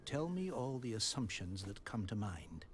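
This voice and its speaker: A man voicing an elderly, grieving industrialist in a video game, speaking slowly and gravely as he pleads for help. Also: fairly low pitch, sing-song, a little hiss or hum. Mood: pleading. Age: older.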